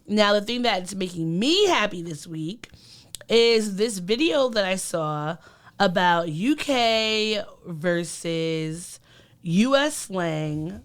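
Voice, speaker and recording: A woman's voice: on the low side, smooth. A woman co-hosting a podcast, talking in an earnest, reflective way with many ums and likes. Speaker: podcast co-host. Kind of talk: casual podcast chat.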